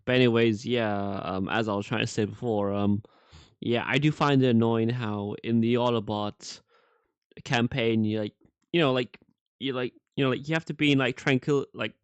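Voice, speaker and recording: A man hosting a casual reaction chat with a sore throat, halting and full of filler words. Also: mid-range voice, clear, resonant tone, no echo. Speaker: reaction channel host.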